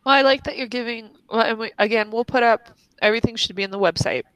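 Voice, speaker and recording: A woman's voice: a little high, fast, smooth, no echo, low-quality recording. Musing woman podcaster, dry mic. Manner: musing, thinking out loud, laughs easily. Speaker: podcast co-host and player. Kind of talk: casual podcast discussion.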